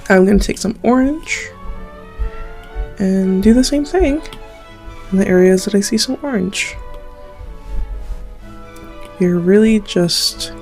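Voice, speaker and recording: Gravelly-voiced Canadian woman artist. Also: medium pitch, takes it slowly, long pauses, a little mellow, soft background music. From Southern Ontario, Canada. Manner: rambling, self-deprecating, laughs often. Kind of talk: chatty draw-along tutorial.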